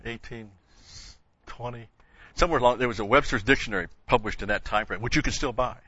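A man's voice: mid-range voice, fast talker, sharp tone, slightly rough, no echo, lo-fi sound. A man teaching an informal Bible class, talking in a rambling, conversational way with folksy asides.

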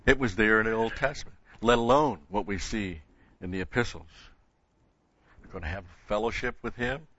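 A man with a low voice teaches scripture in an expository sermon. He leans hard on key words and repeats them for stress. The recording is dry and a little dull. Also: normal speed, a bit bright, no room sound. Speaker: Bible teacher.

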